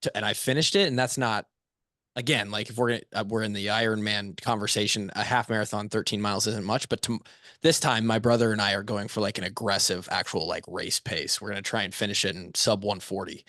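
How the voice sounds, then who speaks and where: A man hosting a podcast, chatting casually and relaxed with his guest. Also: fairly low pitch, a little fast, dry recording, clean studio sound. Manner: relaxed, brief affirmations. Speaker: podcast host. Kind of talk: casual interview chat.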